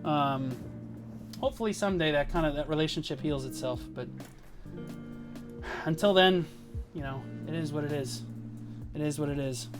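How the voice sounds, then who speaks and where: A man's voice: fairly high pitch, moderate pace, long pauses, over music. A man talking casually on a livestream as a guild leader, rambling and swearing as he tells boastful stories. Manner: profane, rambling, boastful storytelling.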